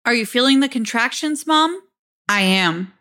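A female therapist speaks in a calm, coaxing tone that can turn harsh, as a woman reads her lines from a transcript. The voice is bright and crisp. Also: a little high, moderate pace. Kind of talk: dramatic transcript reading.

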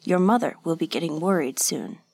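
A woman reading a storybook and voicing a brooding adult swordsman who talks in a soft, low, coaxing way. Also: expressive, brisk, vocal fry, breathy edge, no room sound, full character voice. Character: brooding swordsman man, quietly menacing.

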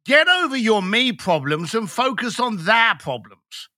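A man's voice: high-pitched, sing-song, a little slow, pushed and bright, no echo, clean studio sound. A man, a business coach talking bluntly and emphatically as a podcast guest. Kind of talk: podcast conversation.

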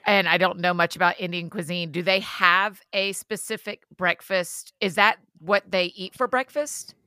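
Podcast co-host, female, bright forward tone, dry close mic, chatty and emphatic. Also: on the low side, fairly even intonation, normal speed, smooth, no room sound. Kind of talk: casual chat.

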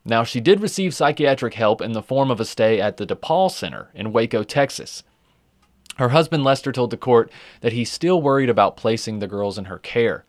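A man hosts a true crime podcast in a loose, casual way, full of fillers and the odd swear word. His voice sits at an ordinary middle pitch. The recording is dry and close, with no room sound. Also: expressive, normal speed, dry recording. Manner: conversational, with frequent fillers and swearing. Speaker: podcast host.

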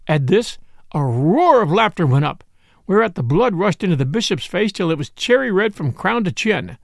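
Man reading an old adventure story, lively high voice w/ some gravel, dry sound. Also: normal speed, no room sound. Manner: old-fashioned storytelling, expressive. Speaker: narrator. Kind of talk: storybook audiobook narration.

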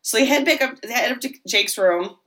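A woman co-hosting a podcast, casually recapping a horror film in a chatty way with many quick asides. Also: fairly high pitch, animated, bright, forceful tone. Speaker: podcast co-host.

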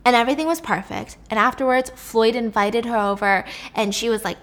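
A woman's voice: on the high side, brisk, a bit bright. A woman telling a story to a friend in a chatty, casual way, swearing and checking in with questions. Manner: chatty, profane, asks the listener questions.

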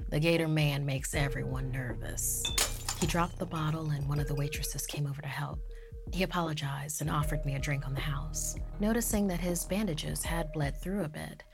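Deep-voiced female narrator for dark tales, half-whispered reads over a music bed. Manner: hushed, often whispering. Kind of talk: scripted horror story narration. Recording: music playing underneath.

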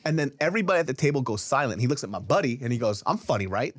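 Animated, husky-voiced man telling a story. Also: mid-range voice, racing. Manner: animated, profane, jumps to shouting when riled. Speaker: podcast co-host. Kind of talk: casual storytelling chat. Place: podcast studio.

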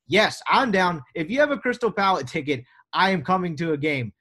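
A man's voice: high-pitched, lively intonation, brisk, hardly any pauses, pushed and bright. A young adult American man hosting a sports podcast in a casual, joking, rambling way. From United States. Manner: joking, rambling, sarcastic asides. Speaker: podcast host.

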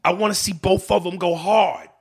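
A man co-hosting a podcast, talking casually and profanely, with animated swings in his delivery and reading listener mail aloud. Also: sits high, normal speed, creaky, slightly rough. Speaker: podcast co-host.

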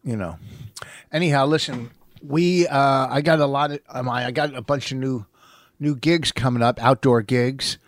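Middle-aged New man, gruff ribbing podcast co-host, dead-dry mic. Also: medium pitch, steady tone, normal speed, dry recording. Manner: gruff teasing, swears a lot. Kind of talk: casual banter with his wife.

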